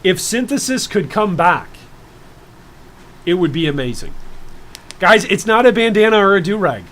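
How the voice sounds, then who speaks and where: Man, thirties, high voice, playful live-stream chatter, jokey, speaks to his viewers. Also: very animated, normal speed, fairly bright tone. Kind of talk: live-stream reaction chat.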